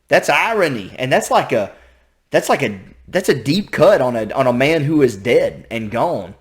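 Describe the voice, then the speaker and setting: Animated Southern man reacting. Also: medium pitch, moderate pace. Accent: Southern American. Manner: animated, repeats himself, thinks out loud. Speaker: reaction video host. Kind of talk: casual reaction commentary.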